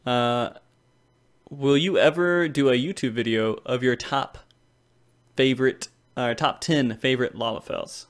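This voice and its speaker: Laid-back American podcast host. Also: male voice, medium pitch, measured pace. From Tennessee, US. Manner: laid-back, reads listener questions with fillers. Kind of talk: casual podcast chat.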